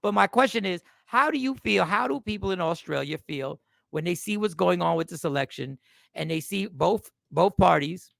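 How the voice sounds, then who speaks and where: A man's voice: sits high, animated, normal speed, gravelly, fairly bright tone, no echo, clean studio sound. A man hosting a casual livestream, talking animatedly to viewers and greeting them by name, repeating himself often. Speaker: livestream host.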